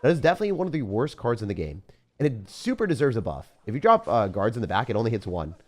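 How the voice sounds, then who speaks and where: A young man giving live gameplay commentary as a YouTuber, excitable and dramatic, swinging between outbursts and self-pity. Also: mid-range voice, quick pace. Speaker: gaming YouTuber.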